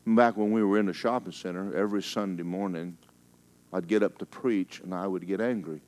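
A man preaching in a very deep register, moving between emphatic declarations and quiet, hushed asides. He tells stories from the pulpit in a folksy way and teases his congregation now and then. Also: fairly even intonation, brisk. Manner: folksy and teasing. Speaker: pastor. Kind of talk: sermon.

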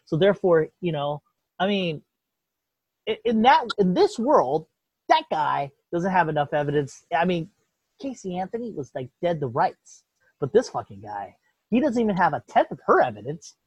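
A man's voice: high voice, big pitch swings, normal speed, slightly rough, no echo. A man in casual political chat, ranting with lots of swearing and mock voices. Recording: dull lo-fi dry sound.

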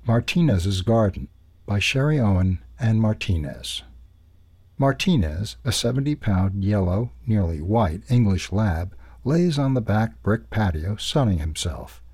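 Male reader, low-pitched and dry, steady even narration. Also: a little slow, husky, no echo. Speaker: newsletter reader. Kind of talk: scripted narration.

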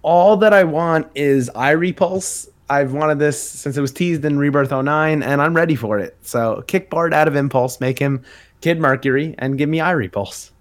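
A man's voice: on the high side, moderate pace. A man co-hosting a podcast, recapping a comic issue in casual chat with many filler words. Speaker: podcast co-host.

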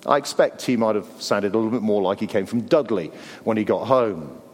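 A man's voice: fairly low pitch, a little fast, long reverb tail. A middle-aged Englishman preaching a sermon in a conversational way with wry asides.

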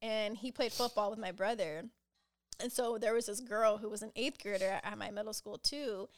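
A woman's voice: mid-range voice, normal speed, no echo. A young woman co-hosting a podcast in casual chat, talking loosely with lots of fillers and frequent laughs. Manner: chatty, laughs often, many likes. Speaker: podcast co-host.

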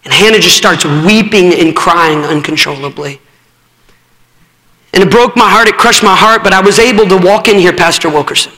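A man's voice: sits high, moderate pace, bright, forceful tone. A man preaching a sermon in a church, urgent and telling stories to the congregation. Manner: urgent, storytelling. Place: church sanctuary. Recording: reverberant hall.

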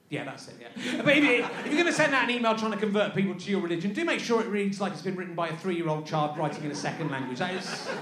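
A man's voice: high-pitched, very animated, fast talker, a crowd in the background. A man doing live stand-up, sarcastic and incredulous as he mocks an email, often repeating his words. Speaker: stand-up comedian. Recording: echoey live venue with audience.

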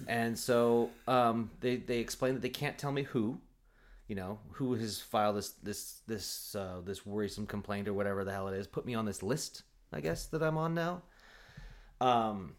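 Brief: man, mid-pitched, animated comic storyteller, lots of "like" and quoted dialogue, laughs easily. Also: normal speed. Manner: animated, acts out quotes, laughs often, many fillers. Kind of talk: casual comedic storytelling.

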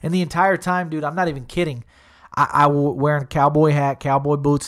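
A man's voice: on the high side, fairly quick, fairly bright tone. A young man chatting casually, rambling through a story and saying "dude" a lot. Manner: rambling, laid-back, says "dude" a lot. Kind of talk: casual chat.

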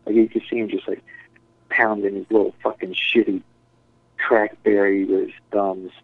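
A man's voice: lowish voice, flat delivery, normal speed, dry recording. A man telling a rambling story in casual chat, swearing and saying "dude" and "like" a lot. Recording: tinny phone-like sound, dry.

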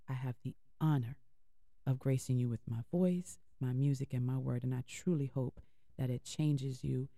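Between music on her internet radio show, a woman speaks earnestly and from the heart, encouraging listeners and repeating lines for emphasis. Her very deep voice is gravelly-edged with a mellow, dark tone, recorded close and dry with no echo.

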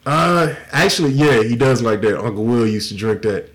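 A man's voice: mid-range voice, lively intonation, moderate pace, heavy background noise. A man hosting a podcast in casual chat, blunt and profane, laughing easily as he talks. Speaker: podcast host.

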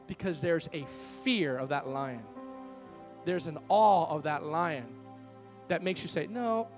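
A male pastor preaching a sermon in a church, calling out to the congregation for answers and telling lively stories. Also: on the high side, measured pace, faint music behind. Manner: emphatic call-and-response preaching with lively storytelling. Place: church with a worship team.

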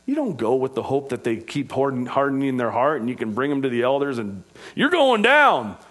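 A man preaching a sermon as pastor, with passionate delivery that rises to loud, emphatic peaks. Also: mid-range voice, animated, fast talker.

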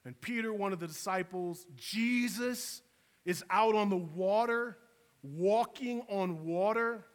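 A man with a high voice preaches in a relaxed, storytelling manner, checking in with his listeners as he goes. His words ring out with a long reverb in a large church hall. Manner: casual storytelling preacher, conversational asides. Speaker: pastor. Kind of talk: sermon.

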